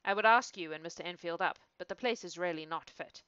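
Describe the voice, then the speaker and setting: A woman's voice: fairly low pitch, fast, sharp tone, smooth, no echo, dull audio. A woman reading the lines of a weary, despondent doctor in a storybook reading, with a dreary, sighing delivery.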